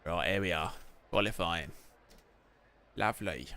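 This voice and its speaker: A man's voice: low voice, measured pace, bright, forceful tone, slight background noise. A man streaming live gameplay of a racing game, chatting and joking as he answers messages from his chat.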